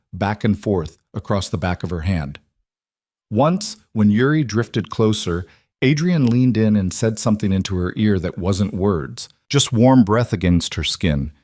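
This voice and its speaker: A man narrates a scripted thriller audiobook in a steady, measured manner. His voice is on the low side, and the recording is close and dry with no room sound.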